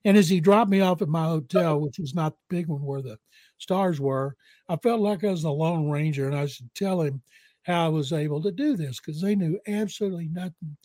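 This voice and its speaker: Brisk and a little mellow, this man's voice is on the high side, with no room sound. He's a Southern-accented football writer in his sixties, appearing as a podcast guest to share rambling stories and blunt takes on the NFL.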